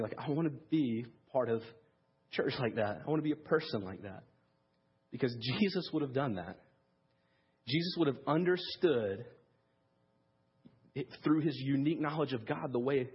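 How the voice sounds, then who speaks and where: A man with a husky, slightly breathy voice gives a sermon as if chatting with friends, loose and full of "like" and "um". The recording sounds dull and lo-fi. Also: mid-range voice. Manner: casual, conversational preaching with many fillers. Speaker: pastor. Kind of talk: sermon with storytelling.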